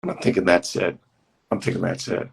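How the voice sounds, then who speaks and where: This guest actor, interviewed by video call, has a deep, husky voice with vocal fry and speaks at a moderate pace. In a casual chat he spins animated, rambling stories and laughs readily.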